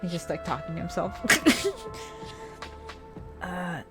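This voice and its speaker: A woman's voice: fairly low pitch, big pitch swings, slow, over loud music. A young woman casually commenting on a game as she plays, chatty, laughing often and swearing freely. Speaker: let's-play streamer.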